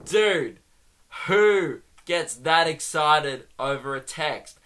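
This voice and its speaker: Young male comic host, animated and sweary, bright tone. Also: a little high, drawn-out words. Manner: animated, mocking impressions, swears freely. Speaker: comedian podcast host. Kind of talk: comic monologue.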